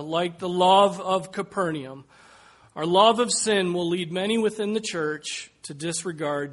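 A man preaching a sermon, slow and emphatic, dropping to a hush and rising to loud calls. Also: high-pitched. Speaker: pastor.

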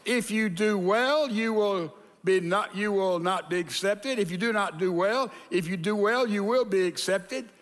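Man doing a stern, fatherly deity, high and firm, lecturing, echoing church hall. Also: measured pace, few pauses, fairly bright tone. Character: stern yet fatherly male God. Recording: long church hall reverb.

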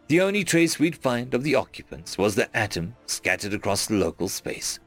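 A man reading a first-person science fiction story aloud in an earnest, expressive storytelling manner. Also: medium pitch. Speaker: narrator. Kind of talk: first-person audiobook narration.

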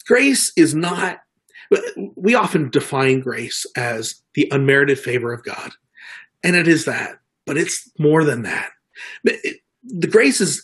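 Husky earnest male preacher. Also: fairly high pitch, a bit bright. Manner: earnest, with frequent repeated words and restarts. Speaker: pastor. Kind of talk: sermon.

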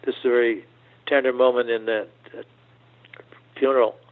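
An older man telling stories as an interview guest, halting often and repeating words as he goes. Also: mid-range voice, flat delivery. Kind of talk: storytelling interview. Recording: tinny phone-like line.

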